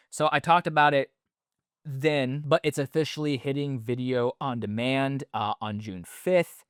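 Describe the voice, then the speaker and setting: A man's voice: medium pitch, clear, resonant tone, no echo, studio quality. A man in his thirties with a stutter, hosting a casual podcast monologue in a rambling, loose way full of fillers. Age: 30s. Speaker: podcast host.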